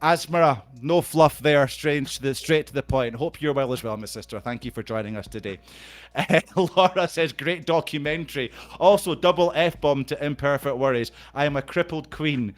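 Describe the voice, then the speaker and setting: A man's voice: on the high side, moderate pace. A middle-aged man with a Scottish accent hosting a live stream on a video call. He banters casually and reads out viewer comments, swearing freely.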